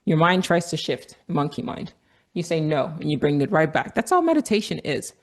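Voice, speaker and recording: An earnest woman from Nigeria with a somewhat low voice, telling a story in a reflective monologue. She circles back to the same phrases for emphasis and drops the odd casual swear word. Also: big pitch swings, normal speed. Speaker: vlogger. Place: outdoors on a walk.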